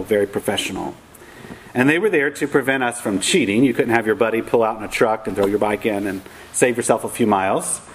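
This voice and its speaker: A middle-aged man tells a funny personal story, wry and self-mocking, acting out the voices of the people involved. His voice is mid-range, and the rough recording carries a little hiss or hum.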